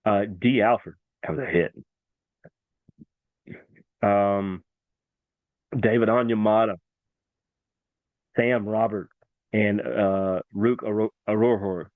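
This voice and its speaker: A man hosting a casual sports talk show, excitable and animated, repeating himself for emphasis. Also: lowish voice, takes it slowly, long pauses, no echo. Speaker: sports podcast host. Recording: dry, tinny phone-like sound.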